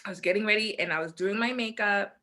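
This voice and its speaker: Bright-voiced young woman telling a story. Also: mid-range voice, fast. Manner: animated storytelling, acting out quotes. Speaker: podcast co-host. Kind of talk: casual chat.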